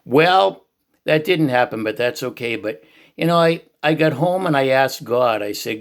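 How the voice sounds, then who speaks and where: Older Boston man, loud booming voice, emphatic heartfelt testimony, mid pitch. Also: animated, normal speed. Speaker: Christian YouTuber sharing church reflections.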